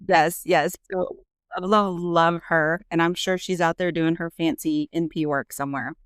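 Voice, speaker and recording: A woman's voice: fairly low pitch, steady tone, normal speed, clean tone, no room sound, clean studio sound. A woman nurse practitioner and parent talking candidly in a casual podcast conversation, with frequent fillers. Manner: earnest, candid, frequent "you know" fillers.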